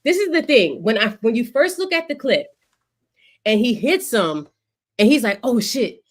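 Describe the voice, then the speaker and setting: A woman co-hosting a sports podcast in casual chat, animated and profane, acting out what players said. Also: on the high side, normal speed. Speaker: podcast co-host.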